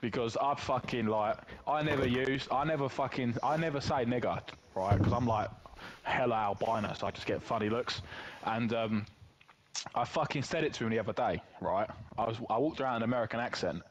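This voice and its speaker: A man's voice: mid-range voice, brisk, highs cut off, slight background noise. A young man, chatting with friends during an online game and telling a rambling, sweary story full of restarts.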